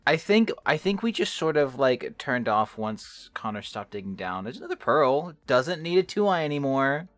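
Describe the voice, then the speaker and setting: A man's voice: medium pitch, very animated, fairly bright tone, dry recording, soft background music. A man from the Southern US co-casting a game stream in a casual, playful way. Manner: playful, quick to laugh along. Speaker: tournament co-caster.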